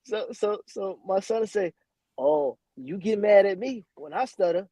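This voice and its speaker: Animated man telling stories, dry close sound. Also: sits high, measured pace, husky, dry recording, poor audio. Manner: animated storyteller who acts out quotes, slangy. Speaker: podcast co-host. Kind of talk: casual storytelling chat.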